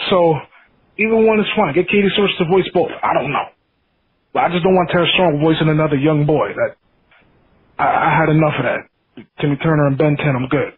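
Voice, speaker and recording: Guy calling in over a tinny phone line, husky and kinda high, rambles and restarts a lot. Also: a little fast, pauses often. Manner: rambling, enthusiastic, many restarts. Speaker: caller. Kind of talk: casual voicemail call-in.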